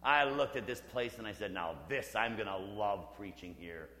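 A Catholic priest in his fifties giving a conversational, humorous storytelling sermon, dropping to a hush for emphasis. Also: fairly low pitch, normal speed. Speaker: Catholic priest leading a parish mission. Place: church. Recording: roomy church with long reverb.

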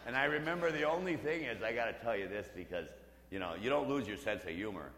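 Priest preaching in an echoing church. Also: male voice, lowish voice, animated, fast. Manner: conversational and humorous, dropping to a hush for emphasis. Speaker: Catholic priest leading a parish mission. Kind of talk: storytelling sermon. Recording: roomy church with long reverb.

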